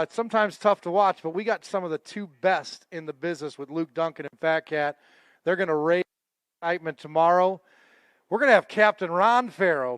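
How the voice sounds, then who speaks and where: Live at a fishing tournament weigh-in, a man works as emcee, bantering and joking with anglers and crew. He has a high, fairly bright voice that is clear and resonant, recorded with no room sound.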